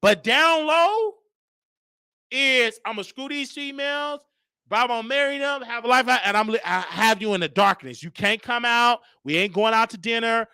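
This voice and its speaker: A man hosting a celebrity gossip show, talking in a campy, teasing way and jumping up into a high falsetto. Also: bright, forceful tone, smooth, no room sound, clean studio sound. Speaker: show host.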